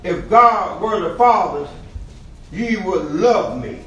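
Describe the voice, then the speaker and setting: A man preaching a sermon, building to shouts and punctuating lines with 'praise the Lord'. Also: high voice, expressive, slow pace. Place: church. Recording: echoey room, voice from a distance.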